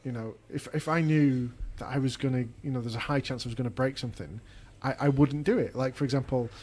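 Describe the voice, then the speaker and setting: A man's voice: mid-range voice, steady tone, fast talker, a little mellow. A man, a podcast producer asking questions in a rambling, self-deprecating way full of fillers. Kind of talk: casual interview chat.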